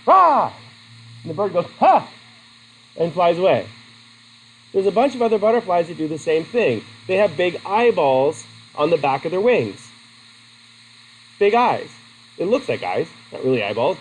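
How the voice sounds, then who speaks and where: A man's voice: sits high, a little mellow, a little hiss or hum, rough recording. A man teaching a class in a classroom, chatty and asking his students questions. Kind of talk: classroom lesson.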